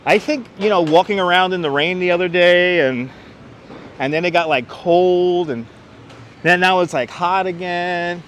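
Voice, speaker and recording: This streamer's voice sits high and fairly bright, and his delivery is a little slow. Strolling through the city live, he reads out the chat and says hello to viewers by name. A wireless lavalier picks him up over faint traffic and street sounds.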